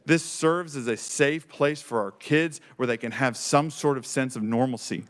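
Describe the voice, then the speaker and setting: A man's voice: mid-range voice, moderate pace. A man giving emotional, fervent testimony to a legislative committee as a program director, speaking with earnest enthusiasm. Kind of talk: passionate public testimony. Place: state legislature committee room.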